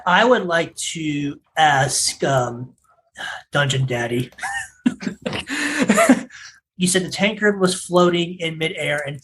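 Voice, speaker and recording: Higher-voiced hesitant male game player. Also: bright, forceful tone, slight background noise, poor audio. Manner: hesitant, asks questions to clarify. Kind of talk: casual tabletop game play.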